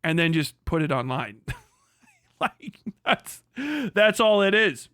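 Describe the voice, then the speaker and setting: A man with a high, bright voice rants on his livestream, swearing freely and laughing at the people he mocks. His tone is scornful and quick, and the sound is dry and close to the mic. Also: lively intonation, clean tone, dry recording. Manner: profane, mocking, laughing often, puts on prissy voices to mock critics. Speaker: livestream host. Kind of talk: casual ranting livestream commentary.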